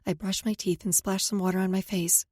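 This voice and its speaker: A woman's voice: mid-range voice, little pitch movement, brisk, darkish tone, husky, dry recording. A woman narrating a first-person romance audiobook in an emotive, intimate storytelling manner, recorded on a close studio mic.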